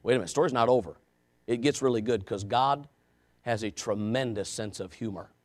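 This man preaches a sermon at a fairly quick clip, his voice medium in pitch. He tells a story with asides to the congregation, swinging between shouting and quiet confession.

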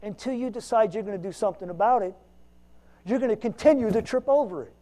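A man preaching a folksy, self-mocking sermon, swinging between loud emphasis and quiet asides. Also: high-pitched, quick pace. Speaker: lay preacher.

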